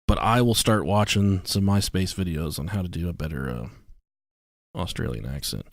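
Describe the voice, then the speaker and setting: A man's voice: deep voice, normal speed, gravelly, dry recording, clean studio sound. A young man with an Ohio accent co-hosting a podcast, joking crudely and cursing freely in casual banter. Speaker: podcast co-host. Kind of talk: casual chat.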